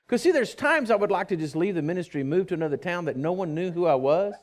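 A man preaches a sermon in a slightly raised pitch. He tells his stories with emphasis, moving between loud, declaring bursts and softer asides. He often stumbles and restarts his words. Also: expressive, a little fast, hardly any pauses. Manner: frequent stammered restarts. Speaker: pastor.

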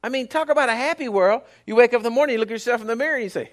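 Male preacher, high-pitched, dynamic sermon delivery that swings hushed to loud. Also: very fast, few pauses. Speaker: pastor.

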